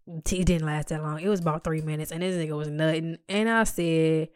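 A woman's voice: low voice, steady tone, fairly quick, a little mellow, clear, resonant tone, dry recording. A woman telling a personal story to her viewers in a candid, blunt and profane way, with dry, exasperated humor, acting out what she said at the time. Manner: blunt and profane, acts out her own quoted lines.

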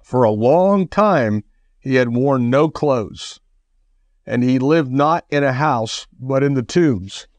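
A man preaching a radio sermon, emphatic, with rhetorical questions and the odd cough or throat clearing. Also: medium pitch, expressive, slow pace, dry recording. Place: radio broadcast.

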